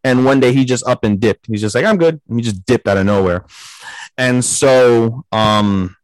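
A young man co-hosting a casual podcast, retelling a plot in loose, rambling bursts full of swearing and acted-out character lines. His voice sits at an ordinary pitch for a man, recorded dry with no room sound. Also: steady tone, moderate pace, dry recording, rough recording. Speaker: podcast co-host. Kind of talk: casual anime recap chat.

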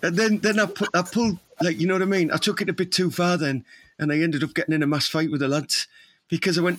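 A man's voice: a little high, steady tone, fast. A man, rambling and laughing through crude comic banter as a podcast co-host.

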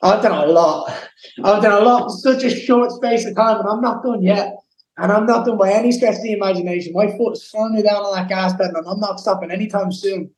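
A man's voice: high-pitched, brisk, reverberant, rough recording. A young Irish man giving an interview, talking with intense emotion and swearing freely. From Ireland. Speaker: guest fighter. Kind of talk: casual interview.

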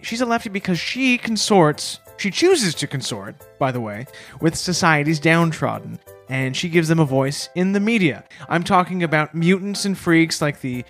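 Man, podcast co-host, dry deadpan delivery of mock-serious shout-outs, faint music underneath. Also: a little high, moderate pace, hardly any pauses. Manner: deadpan mock-earnest tributes. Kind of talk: casual comedic chat.

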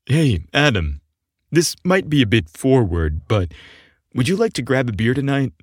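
A man's voice: mid-range voice, sing-song, measured pace, slightly rough, no room sound, studio quality. A man voicing a shy, good-natured young gay man in an audio story. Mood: friendly.

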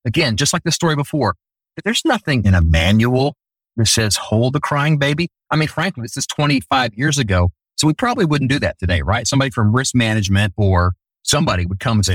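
A man's voice: medium pitch, animated, quick pace, no room sound, poor audio. A middle-aged man telling an earnest personal story in a conversation.

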